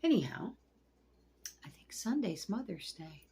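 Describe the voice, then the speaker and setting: Middle-aged woman, husky and gravelly, blunt and profane, casual vlog venting at home. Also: mid-range voice, very animated, unhurried, dark tone. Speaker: vlogger. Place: at home among pet turtles.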